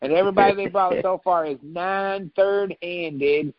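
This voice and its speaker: Casual: guy rambling and scoffing, bit high voice, flat lo-fi sound. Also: a little slow, no room sound. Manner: rambling, animated, mocking. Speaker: guest commentator. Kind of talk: casual political chat. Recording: dull lo-fi dry audio.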